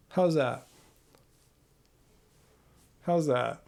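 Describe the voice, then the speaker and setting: Host, male, fairly high gravelly voice, rambling and self-deprecating, close mic. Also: lively intonation, moderate pace. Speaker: channel host. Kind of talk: live Q&A chat. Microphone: close studio mic.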